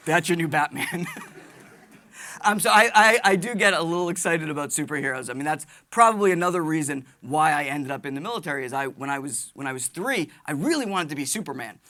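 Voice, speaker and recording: A man from the United States, an Army veteran, doing stand-up comedy storytelling in an animated, excitable way. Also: a little high, brisk. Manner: animated, excitable, jumps between voices.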